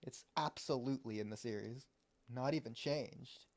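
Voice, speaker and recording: A man's voice: mid-range voice, moderate pace, very noisy. A man co-hosting a reaction stream over a voice call, talking casually, rambling and laughing often. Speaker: podcast co-host. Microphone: remote call mic.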